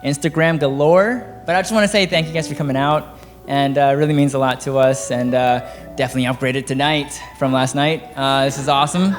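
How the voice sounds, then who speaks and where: A man giving his wedding toast as the groom, relaxed and joking, with many fillers. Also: medium pitch, fairly quick. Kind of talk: casual wedding speech. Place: large reception hall. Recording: reverberant hall with music.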